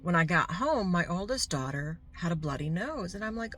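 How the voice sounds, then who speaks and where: Middle-aged woman, lower register, candid personal vlogger. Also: lively intonation, normal speed, slight background noise. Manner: candid and heartfelt, with warm asides to the viewer. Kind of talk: personal storytelling to camera.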